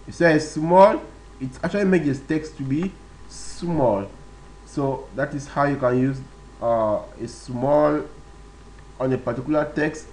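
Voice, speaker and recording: This man's voice sits a little high and sounds slightly mellow, captured in a rough recording. He's teaching the basics of web pages through a screen-recorded tutorial, moving at a slow, step-by-step pace packed with fillers and repetitions.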